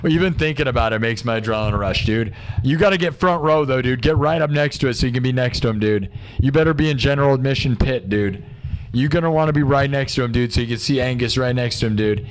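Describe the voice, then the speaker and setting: A man's voice: medium pitch, quick pace. A young man hosting a live music stream, chatting casually with viewers in a brash, ranting way, full of "dude" and "bro". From United States. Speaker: livestream music host.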